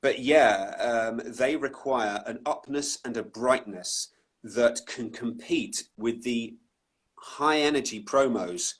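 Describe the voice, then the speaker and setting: A man with a slightly husky, unpolished voice speaks as a guest on an online video call. He talks thoughtfully, circling back and restarting his sentences and slipping in self-deprecating asides. His pitch sits in an ordinary middle range. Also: slow. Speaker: voice-over artist, guest. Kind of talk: relaxed conversational interview. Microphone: online live video call.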